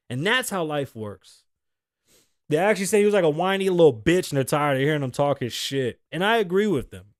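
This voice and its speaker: A brash man in his thirties from the United States, ranting profanely as a podcast host. His voice sits high for a man and swoops widely up and down. The sound is close and dry. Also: sing-song, a little fast, no room sound. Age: 30s. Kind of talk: solo comedic rant.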